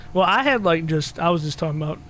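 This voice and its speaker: A man's voice: fairly high pitch, expressive, fast, a bit bright, a little hiss or hum. A young man co-hosting a podcast, telling stories in a rambling, swearing, laughing way. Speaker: podcast co-host. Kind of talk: casual crude podcast chat.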